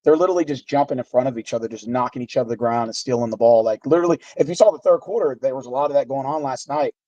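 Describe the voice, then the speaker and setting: A man's voice: medium pitch, rapid-fire, warm tone, dry recording, muffled recording. A man on a casual sports radio panel who rambles and fills his talk with "like" and "literally.". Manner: rambling, uses "like" and "literally" often.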